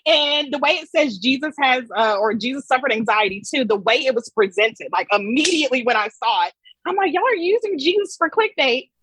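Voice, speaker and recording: A woman guest on a podcast, talking in an animated, emphatic and blunt way with casual swearing. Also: fairly high pitch, a little fast, breathy edge, no room sound, rough recording.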